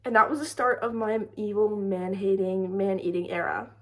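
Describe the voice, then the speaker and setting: A young woman telling a storytime vlog story in a chatty, animated way, full of "like". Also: mid-range voice, moderate pace. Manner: chatty, lots of "like", animated retelling. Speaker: storytime creator. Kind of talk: casual storytime chat.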